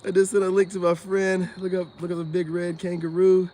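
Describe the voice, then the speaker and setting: In a high, mellow, monotone voice at a fairly quick pace, the American spiritual self-help vlogger rambles casually to his audience. Laughter comes often, and his talk is loose and slangy.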